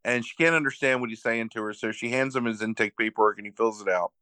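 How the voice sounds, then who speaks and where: A podcast co-host recaps a movie at a quick clip, his ordinary-pitched voice bright and crisp, recorded dry and close with no room sound. He rambles through the story in loose, casual chat, piling on fillers and correcting himself mid-sentence.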